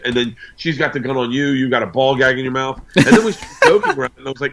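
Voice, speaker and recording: A man's voice: mid-range voice, expressive, quick pace, gravelly, few pauses, a bit bright. A man in his forties, a guest on an interview show, telling rambling anecdotes full of asides. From United States. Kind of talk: casual storytelling.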